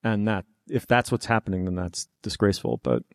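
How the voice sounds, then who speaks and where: A man's voice: fairly low pitch, big pitch swings, fairly quick, dry recording, clean studio sound. Wry erudite man, podcast co-host. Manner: erudite, wry, profane asides.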